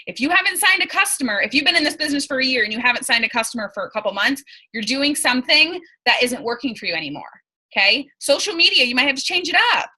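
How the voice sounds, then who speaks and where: A woman's voice: sits high, bright, forceful tone, poor audio. A young woman leading her team on a video call, giving casual, emphatic coaching and laughing often. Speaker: team leader.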